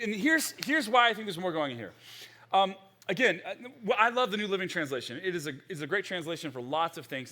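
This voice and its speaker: A middle-aged male pastor preaching a sermon in a conversational, animated way, with frequent restarts. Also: high voice.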